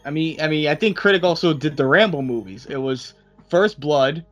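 Lively high-voiced man chatting casually. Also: moderate pace. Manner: animated, trailing off and restarting when unsure. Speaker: podcast co-host. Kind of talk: casual chat.

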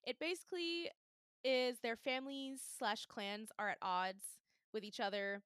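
Young woman podcast host, high bright voice, animated, laughs a lot. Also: measured pace, smooth, no room sound, studio quality. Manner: animated, laughs often, acts out reactions. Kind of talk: casual chat.

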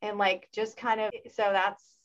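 A woman in a casual panel discussion, talking in an animated way and acting out the voices of people she quotes. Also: mid-range voice, a little slow, dull audio. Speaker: panel guest.

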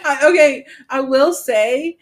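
Giggly woman, slightly high voice. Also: slow pace. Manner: giggly, rambling storyteller. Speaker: podcast co-host. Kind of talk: casual chat.

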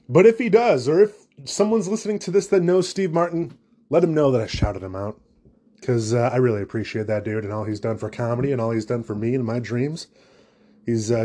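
A man's voice: mid-range voice, warm tone. A young man, a new father, hosting a solo comedy podcast in a rambling, jokey, self-deprecating way. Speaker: podcast host.

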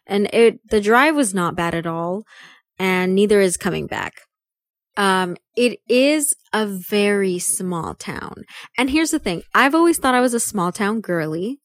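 A woman's voice: on the low side, no echo, clean studio sound. A young woman co-hosting a podcast, chatting casually and telling stories with lots of fillers. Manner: chatty storyteller, many fillers like "like" and "um". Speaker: podcast co-host. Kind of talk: casual chat.

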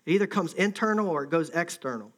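A man's voice: a little high, expressive, fast talker. A man preaching a conversational sermon, acting out the voices of an angry crowd. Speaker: pastor.

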